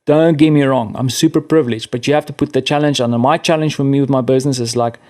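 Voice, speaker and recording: A man's voice: medium pitch, steady tone, quick pace, darkish tone. Chatty South African man. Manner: chatty, self-deprecating, many restarts. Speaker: podcast guest. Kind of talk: casual conversation.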